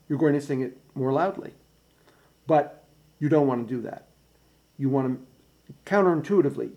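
A man directing a choir's bass section, patiently explaining how to sing each phrase and counting them in. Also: gravelly, warm tone. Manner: patient, precise coaching with counting in. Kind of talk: choir rehearsal instruction. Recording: practice recording with piano.

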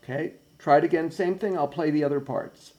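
A man's voice: on the high side, brisk. A man directing a choir practice, giving instructions and counting in beats over the piano. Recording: recording with loud piano playing.

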